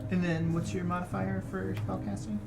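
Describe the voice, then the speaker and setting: Player, mid-pitched, calm rules help, loud music under. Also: normal speed, gravelly. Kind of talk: tabletop game play.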